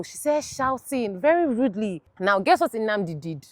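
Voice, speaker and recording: A young woman telling a camp story in an animated way, shifting between heated and apologetic. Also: fairly high pitch, normal speed, dry recording. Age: young adult. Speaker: platoon executive, interviewee. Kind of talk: casual storytelling.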